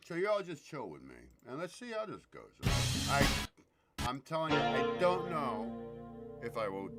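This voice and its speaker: A man's voice: medium pitch, huge pitch swings, slow pace, pauses often, over loud music. A man hosting a loose live show, joking, swearing and greeting viewers by name. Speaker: show host. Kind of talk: casual live-stream chat.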